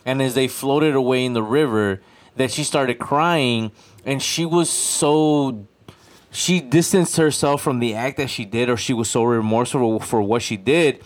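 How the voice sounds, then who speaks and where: A man's voice: mid-range voice, unhurried. A young man from Chicago chatting casually on a podcast, rambling and repeating himself as he tells a story. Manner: rambling, repeats himself, puts on a wailing voice for quotes. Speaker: podcast co-host. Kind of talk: casual chat.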